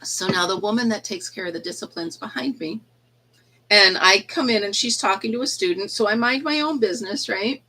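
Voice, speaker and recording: A woman's voice: medium pitch, a little fast, pushed and bright, a little hiss or hum, rough recording. A woman chatting casually on a phone livestream from an indoor yarn room, laughing often and cooing at baby chicks, with an anecdote about school absences. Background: chicks cheeping.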